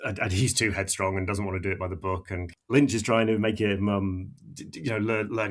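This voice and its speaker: A man hosting a podcast, chatting casually with many halting restarts. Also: fairly low pitch, fairly even intonation. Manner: halting, full of restarts and laughs. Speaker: podcast host. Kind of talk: casual chat.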